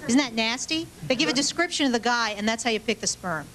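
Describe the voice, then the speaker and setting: A woman's voice: fairly high pitch, animated, fast. A woman performing a stand-up comedy set on a club stage, with punchy, self-deprecating delivery and mock asides to the audience. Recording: live club recording with loud crowd and noise. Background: loud audience laughter and noise.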